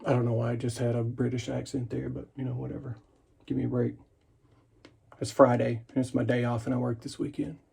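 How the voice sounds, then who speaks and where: Man, shaving vlog host, gravelly voice, breathy edge, rambling, self-deprecating jokes. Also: medium pitch, little pitch movement, a little fast, warm tone. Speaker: wet shaving channel host. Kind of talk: casual vlog talk while shaving. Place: home bathroom at the sink.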